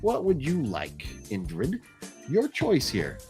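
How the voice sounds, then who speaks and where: A man's voice: fairly high pitch, faint music behind. Easygoing man hosting a live stream. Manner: lively, apologetic, chuckling, drawn-out name calls. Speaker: host of a live movie news stream. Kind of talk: casual live-stream giveaway chat.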